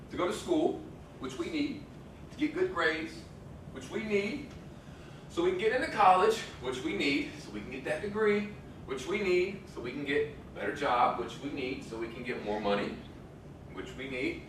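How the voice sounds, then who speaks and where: A man's voice: a little high, bright, forceful tone, a little hiss or hum. A man trading stage banter with puns, then performing a rhythmic spoken-word poem. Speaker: slam poet performer. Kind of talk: stage banter and slam poetry. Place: indoor stage at a live venue. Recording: echoey hall from far off.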